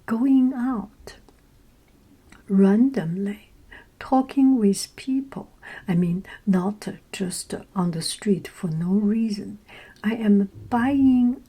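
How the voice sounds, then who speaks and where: A woman talks in a soft, breathy whisper. She speaks slowly and unhurriedly, and her mellow tone stops often on "uh" and "um" while she hunts for the right word. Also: mid-range voice, low-quality recording. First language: Chinese. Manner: halting, many fillers and searches for words. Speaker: vlogger. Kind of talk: whispered casual storytelling.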